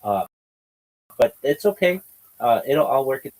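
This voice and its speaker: A man's voice: medium pitch, sing-song, measured pace, a little mellow, rough recording. A man hosting a casual livestreamed podcast chat, teasing and rambling in a mock-lecturing way. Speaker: podcast host.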